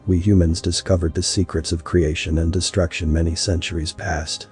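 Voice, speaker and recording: A man's voice: flat delivery, moderate pace, a little mellow, soft background music, lightly acted. A man voicing a vengeful, mocking human man who confronts a god, in a story reading. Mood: bitter. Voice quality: deep husky voice. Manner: mocking and bitter.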